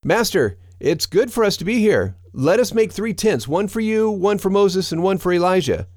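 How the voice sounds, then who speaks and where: An eager, flustered disciple blurts out his plan in a bright, high voice, as a man plays him. The sound is dry and close. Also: expressive, normal speed, dry recording. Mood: excited.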